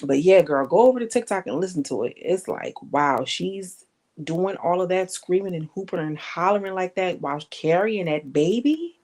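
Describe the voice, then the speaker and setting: A woman with a fairly low voice talks through a casual gossip vlog. She is animated and emphatic, with slangy, blunt remarks. Her delivery feels like chatting straight with her viewers. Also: moderate pace. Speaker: online commentator.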